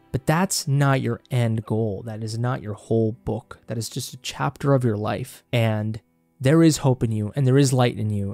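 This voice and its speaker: Medium in pitch and a little mellow, the voice comes through with no room sound. It's a young film vlogger from Mexico, a native Spanish speaker with a Mexican Spanish accent, passionately reviewing a movie in a heated monologue and swearing freely once he's worked up.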